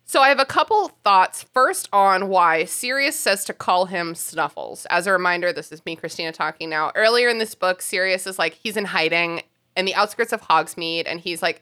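A woman's voice: fairly low pitch, moderate pace, bright, forceful tone. A woman co-hosting a casual podcast, reading a listener email aloud with giggles and self-mocking swearing. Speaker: podcast co-host.

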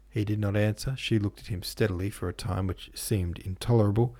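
A man narrating a classic novel as an audiobook host, in a measured, even storytelling manner. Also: lowish voice. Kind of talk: scripted literary narration.

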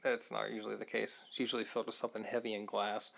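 Gravelly-voiced podcast co-host chatting. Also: mid-range voice, little pitch movement, quick pace, fairly bright tone, a little hiss or hum. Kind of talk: casual movie recap chat.

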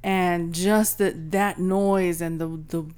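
A woman's voice: lowish voice, little pitch movement, slow, a little mellow, clean tone. A woman co-hosting a podcast, telling stories in a rambling, casual way and swearing freely. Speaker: podcast co-host. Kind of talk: casual chat.

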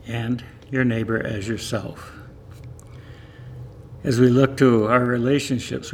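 A man as pastor giving a sermon in calm, gentle short phrases. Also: mid-range voice, slight background noise.

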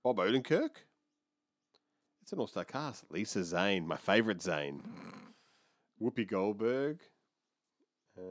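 A man co-hosting a podcast chats casually, rambling and restarting his sentences. His low voice swings widely in pitch. It sounds dry and close. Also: unhurried, pauses often, dry recording. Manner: rambling, hesitant, animated. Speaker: podcast co-host. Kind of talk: casual chat.

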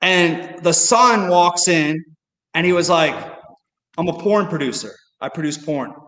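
A man, a comedy club owner, telling a rambling, animated story in casual chat. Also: a little high, measured pace, long reverb tail, low-quality recording.

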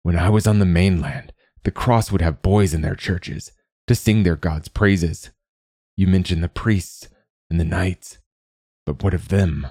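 A gentle old man from a storybook, calm and soft-spoken, with a deep, low voice, as a man puts him on. The reading sounds close and dry. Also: a little slow, no echo. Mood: curious.

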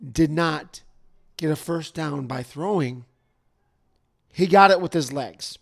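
Excitable sports-podcast man, higher voice. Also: slow pace, gravelly. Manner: excitable, jokey, swings between loud and mumbled. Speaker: podcast co-host. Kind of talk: casual sports chat.

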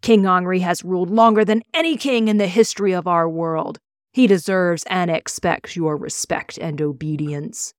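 A cruel young prince proclaims from a dragon's back in a storybook reading, voiced by a woman. He speaks in a commanding, declaiming way, his voice pitched low. The sound is dry and close. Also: moderate pace, smooth, no room sound, close to an everyday voice. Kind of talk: audiobook reading.

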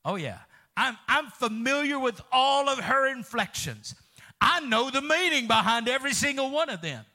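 A man pastor, preaching a fervent sermon, calling out to the congregation, with sudden shouts and soft drops. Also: extremely high pitch, big pitch swings, normal speed. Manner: calls out to congregation.

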